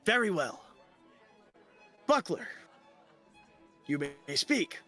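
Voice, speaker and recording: A man's voice: high voice, sing-song, very slow, sharp tone, soft background music, full character voice. A man voicing a stiff, formal male leader who speaks of himself in the third person. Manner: formal, stilted.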